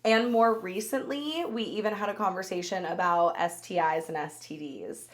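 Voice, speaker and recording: A woman in her thirties hosting a podcast, telling personal stories in an animated, chatty way and laughing as she goes. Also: mid-range voice, normal speed. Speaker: podcast host. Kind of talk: solo storytelling podcast.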